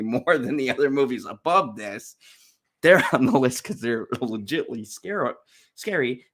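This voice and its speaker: A man at an average pitch delivers a casual, ranting movie review. He talks bluntly and swears often, with plenty of fillers and restarts. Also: a bit bright. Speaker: channel host reviewing movies.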